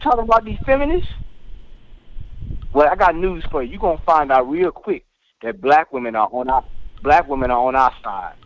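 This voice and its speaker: A man's voice: a little high, sing-song, normal speed, pauses often, muffled recording, slight background noise. A male radio talk show host giving heated, preachy political commentary and often asking if listeners understand. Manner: fiery, preachy, keeps asking "you understand?".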